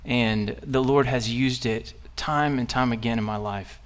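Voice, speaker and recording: A man's voice: mid-range voice, fairly even intonation. A young man giving a sermon as a visiting preacher. He speaks earnestly and personally, stumbling through fillers and restarts as he goes. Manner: halting, many fillers and restarts. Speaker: guest preacher.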